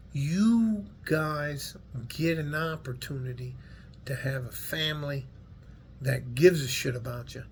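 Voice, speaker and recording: A man's voice: on the high side, vocal fry, fairly bright tone, a little hiss or hum. A middle-aged man with a West Texas accent, talking to his viewers in a rambling, earnest, folksy way with salty language. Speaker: vlogger. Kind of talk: casual heartfelt monologue to viewers.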